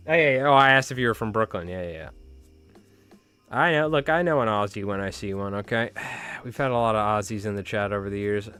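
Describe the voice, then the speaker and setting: A man's voice: lowish voice, a little fast, sharp tone, clean tone, dry recording, soft background music. A man hosting a live fly tying stream, chatting casually in slang with viewers while he ties.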